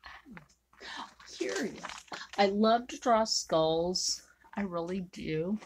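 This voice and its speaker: A woman's voice: mid-range voice, slow, a little mellow, a little hiss or hum. A woman artist chatting bluntly and rambling with many fillers while she draws. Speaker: artist drawing on camera. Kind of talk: casual chat while drawing.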